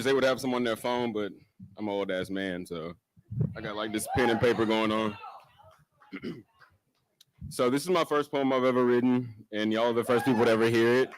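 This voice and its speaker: A man's voice: mid-range voice, moderate pace, long pauses, poor audio. First-time man reading a spoken-word poem. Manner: nervous, self-joking first-timer, rhythmic swells in delivery. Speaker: open mic poet. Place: live open mic venue. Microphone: stage microphone.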